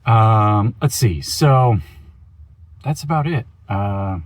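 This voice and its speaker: A man's voice: on the low side, animated, slow pace, no room sound. A man from Oregon giving a casual, rambling video update from inside his van, with goofy self-mocking asides. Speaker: van life vlogger.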